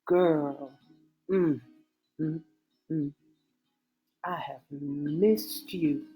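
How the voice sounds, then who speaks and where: Lady doing a man in love, all emotional and pleading, super slow. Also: on the high side, lively intonation, fairly bright tone, soft background music. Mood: tender. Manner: emotional, pleading, breaking into cries. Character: distraught grown man lover, pleading and prayerful. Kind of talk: audiobook reading of a novel.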